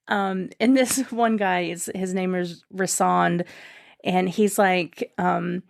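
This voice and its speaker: A woman's voice: lowish voice, fairly even intonation, takes it slowly, vocal fry. A woman guest on a podcast, chatting casually and enthusiastically, rambling with lots of fillers and restarts.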